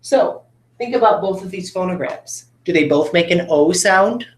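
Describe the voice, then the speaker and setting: A man's voice: sits high, animated, moderate pace, reverberant. A male teacher giving a patient phonics lesson to children, coaxing them along with tag questions.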